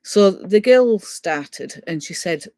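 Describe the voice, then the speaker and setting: A woman's voice: lowish voice, animated, takes it slowly, a little mellow, no room sound. A woman telling a ghost story in a casual, chatty way, retelling what everyone said. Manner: chatty, retells dialogue at length, frequent "so" and "and he said". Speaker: guest sharing a ghost story.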